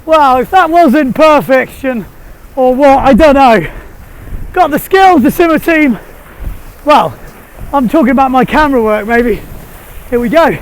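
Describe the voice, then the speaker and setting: A windsurfer, a man, narrates his session as he rides, in a very high, light voice. He chats eagerly and laughs often, picked up by a camera mic on his rig. A faint rush of wind sits under his words. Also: moderate pace, long pauses. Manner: chatty, excitable, laughs often. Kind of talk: casual running commentary while riding. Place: outdoors on the sea, windsurfing. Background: wind noise.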